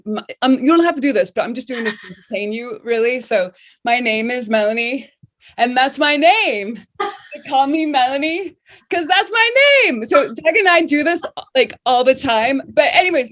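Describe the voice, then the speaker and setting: A woman speaking as an artist opening her talk, chatty and warm, with many restarts. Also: fairly high pitch. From Western Massachusetts. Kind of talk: casual talk over video call.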